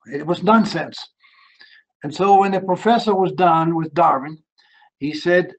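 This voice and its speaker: A man's voice: high voice, measured pace, low-quality recording. Older German-accented man preaching testimony. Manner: rising to fervent, emphatic preaching. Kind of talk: sermon testimony.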